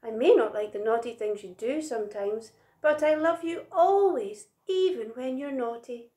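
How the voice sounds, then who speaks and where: A woman voicing a big adult male monkey, a patient father figure who scolds gently but lovingly, for a storybook read aloud. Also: a little high, animated, moderate pace, natural voice. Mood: tender. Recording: roomy echo.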